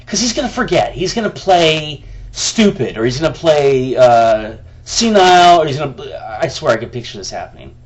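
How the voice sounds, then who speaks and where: A man's voice: a little high, big pitch swings, normal speed, highs cut off, slight background noise. A man venting to the camera in a heated, profane rant. He often restarts his sentences, and he talks to himself by name. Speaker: vlogger.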